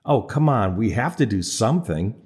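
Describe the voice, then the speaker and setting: A man's voice: lowish voice, lively intonation, moderate pace, darkish tone, lightly acted. A man reading an audiobook, voicing an insistent, wheedling young man in a story. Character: young man, pushy eager friend.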